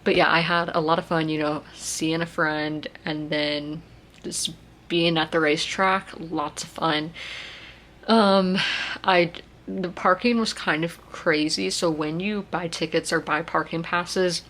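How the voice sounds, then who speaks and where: A woman's voice: low-pitched, fairly even intonation, unhurried, a bit bright. A woman, chatting casually in a rambling vlog. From South Carolina. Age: 20s. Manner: rambling, chatty, many fillers and restarts. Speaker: vlogger.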